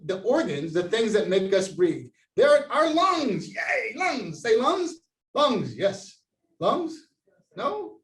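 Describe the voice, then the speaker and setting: In an echoey room and some distance from the mic, a science educator with a high voice sounds far away and ringing as he teaches children. He's animated, prompting call-and-response repeats, gesturing, and standing up to demonstrate.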